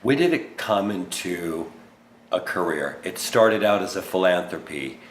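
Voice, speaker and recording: A man hosting an interview, asking measured, personal questions. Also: sits low, expressive, roomy sound, a little hiss or hum. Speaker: interviewer, show host.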